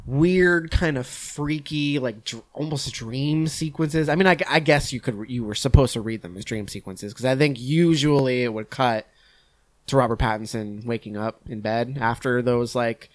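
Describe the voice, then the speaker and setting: A man's voice: medium pitch, moderate pace. A man in casual podcast chat about films, rambling with lots of fillers and the odd swear. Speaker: podcast host discussing films.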